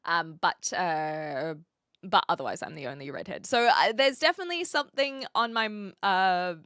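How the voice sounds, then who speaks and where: Lively bright-voiced New woman. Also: on the low side, normal speed, dry recording, clean studio sound. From New Zealand. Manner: chatty, lots of fillers and restarts. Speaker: streamer. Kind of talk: casual live-stream chat, reading and answering chat.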